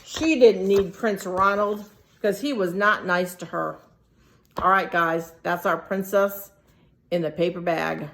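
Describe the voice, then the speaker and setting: A teacher reading a picture book aloud to young children, animated and stopping to ask them questions. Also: female voice, on the low side, measured pace, a little hiss or hum. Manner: animated, asks the listeners questions.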